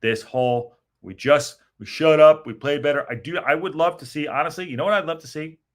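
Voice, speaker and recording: A middle-aged man hosts a post-match reaction stream, reading viewer comments as a podcast host. His fairly high voice runs a little fast as he rambles and swears in frustration.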